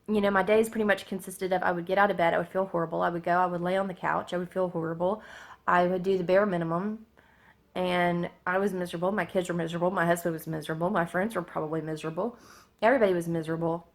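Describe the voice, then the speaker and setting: A woman, telling a personal story in a halting way, with many fillers and restarts. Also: on the low side, steady tone. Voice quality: gravelly. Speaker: vlogger.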